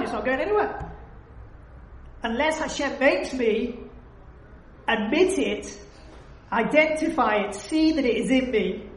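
A woman leading a religious study discussion, talking emphatically and acting out heartfelt prayers. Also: on the high side. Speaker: religious teacher. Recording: echoey room.

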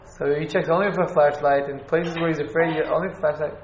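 Guy teaching a class, halting, lots of restarts, echoey dull recording, a bit high. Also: fairly even intonation, slight background noise. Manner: halting, restarts, Hebrew and Yiddish terms. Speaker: Torah teacher. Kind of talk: informal class on Jewish law.

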